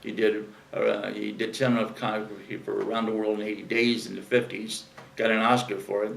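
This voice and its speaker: Recorded on a distant mic in an echoey room, a man rambles through a story as an interview guest, using lots of fillers and voicing those he quotes. He speaks a little fast in a lowish, fairly flat voice with vocal fry and a fairly bright tone.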